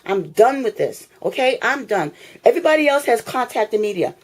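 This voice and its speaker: Speaking at normal speed, her slightly high voice has a sing-song lilt. The tenant is filming a complaint from inside her apartment, aiming a repetitive, sweary and confrontational rant at her phone camera because she is thoroughly fed up.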